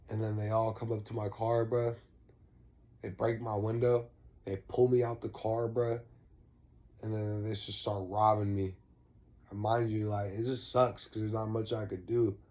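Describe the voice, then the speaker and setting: A man's voice: on the low side, warm tone. Laid-back young guy telling a story. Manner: slangy, rambling, swears freely. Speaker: vlogger. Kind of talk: casual storytelling.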